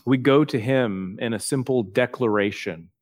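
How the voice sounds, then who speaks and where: A man preaching a sermon, earnest and plainspoken, slowing down and softening his voice for quoted prayers. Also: mid-range voice, no room sound, studio quality. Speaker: pastor.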